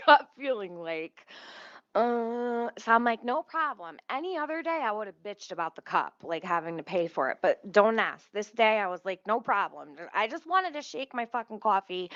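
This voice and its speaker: A woman at home telling a casual storytime, profane, rambling and animated. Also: a little high, dry recording, dull audio. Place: at home near her kitchen stove.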